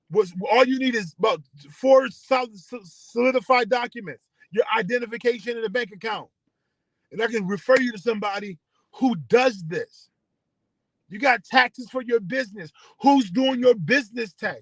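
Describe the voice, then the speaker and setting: Radio host, male, higher voice, earnest repeated rallying lines, dry close sound. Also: a bit bright, no room sound, low-quality recording. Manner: earnest, preacher-like repetition. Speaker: internet radio station host. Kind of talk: passionate community address.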